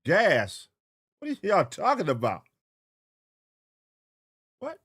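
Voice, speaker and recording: A man's voice: sits high, huge pitch swings, slow, breathy edge, dry recording, clean studio sound. A man hosting a live stream, chatting loosely and profanely with his chat and reading out names in a sing-song voice. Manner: sing-song roll-call shout-outs. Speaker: streamer host. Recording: music playing loudly behind. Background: hip hop music.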